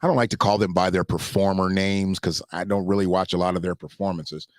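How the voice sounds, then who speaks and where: A man hosting a casual solo commentary show, talking loosely and jumping into high mocking voices when he quotes others. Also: steady tone, a little fast, no room sound, clean studio sound.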